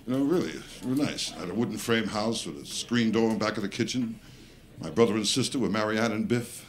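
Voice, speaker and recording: A man's voice: fairly low pitch, fairly quick. A man doing live stand-up comedy on a club stage, firing off brash self-mocking one-liners and bantering with the audience. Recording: live club recording, loud crowd laughter and noise.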